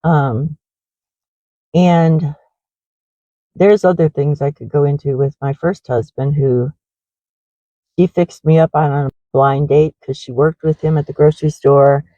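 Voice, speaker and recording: A woman's voice: low voice, fairly even intonation, measured pace, long pauses, warm tone, no echo, highs cut off. A middle-aged woman who runs a horse ranch, rambling in a confessional way with many fillers in a casual walking vlog.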